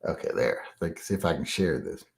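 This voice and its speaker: A man hosting a casual livestream, his pitch rising and falling in an animated way. He talks in a loose, rambling manner, with lots of "uh"s and throat clearing as he reads out the chat. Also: a little fast. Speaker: livestream host reading viewer chat.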